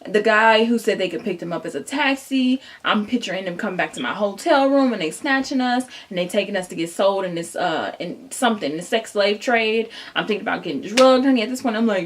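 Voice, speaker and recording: A young woman telling a casual storytime vlog straight to her viewers, animated and chatty, acting out what people said. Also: mid-range voice, a little fast, hardly any pauses, a little hiss or hum. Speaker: vlogger.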